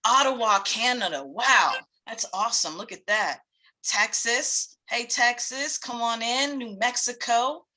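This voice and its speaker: Bright, upbeat woman hosting a webinar. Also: on the high side, a little slow. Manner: upbeat, greets attendees by location, laughs often. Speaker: webinar host and facilitator. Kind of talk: live webinar welcome.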